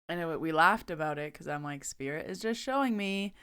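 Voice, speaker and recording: A woman's voice: sits low, lively intonation, fairly quick, pushed and bright, clear, resonant tone, no echo, clean studio sound. A young adult woman hosting a podcast, telling a story in a casual, chatty way and acting out quoted dialogue. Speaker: podcast host and medium.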